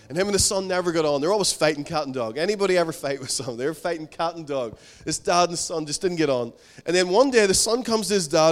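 Male pastor, high-pitched, earnest conversational sermon with repetition. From outside America. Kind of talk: sermon with storytelling.

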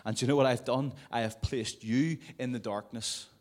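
A man's voice: medium pitch, fairly even intonation, normal speed, a little mellow. A man preaching a sermon to a congregation in a conversational way, with jokey asides. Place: church service before a congregation.

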